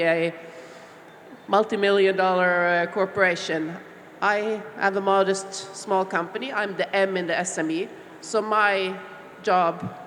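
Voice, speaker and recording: A middle-aged woman from Norway, speaking on a panel as a small business owner, heartfelt and reflective with many pauses and fillers. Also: on the low side, a bit bright. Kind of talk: panel discussion talk. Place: large expo hall stage. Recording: long hall reverb with faint background noise.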